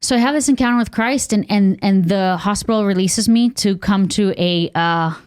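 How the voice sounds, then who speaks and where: A woman's voice: mid-range voice, moderate pace, a little mellow, clear, resonant tone, no echo, clean studio sound. A young adult woman from Texas, a podcast guest, telling a candid personal testimony with many fillers and acted-out quotes. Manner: earnest, candid, many fillers, acts out what people said.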